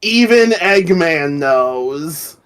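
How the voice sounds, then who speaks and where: A man's voice: a little high, expressive, extremely slow, a bit bright, smooth. A man co-hosting a casual review chat, joking and teasing, laughing a lot. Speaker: podcast co-host.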